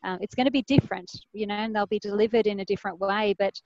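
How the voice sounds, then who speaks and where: A woman's voice: mid-range voice, fairly even intonation, quick pace, darkish tone, dry recording, lo-fi sound. A woman with an Australian accent chatting enthusiastically on an online panel, full of fillers. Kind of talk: casual video-call panel chat. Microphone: video call.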